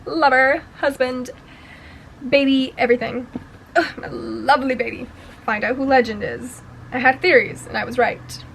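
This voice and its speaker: A young woman with a fairly high voice reviews books in a casual, gushing way. Her talk is full of slang and swearing, and she sounds fully caught up in the story. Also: fairly even intonation, moderate pace, a bit bright, a little hiss or hum, low-quality recording. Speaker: book vlogger.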